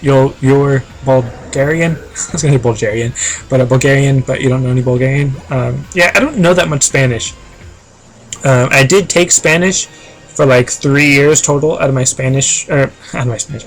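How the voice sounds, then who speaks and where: A man chatting casually on a live game stream, reading chat aloud and rambling with lots of fillers. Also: medium pitch.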